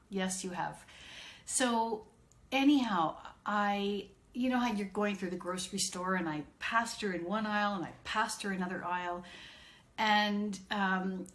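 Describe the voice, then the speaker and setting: Slow-spoken middle-aged woman telling a story. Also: mid-range voice, a bit bright. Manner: chatty, anecdotal, greets viewers by name. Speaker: autism consultant. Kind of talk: live-streamed storytelling talk to viewers.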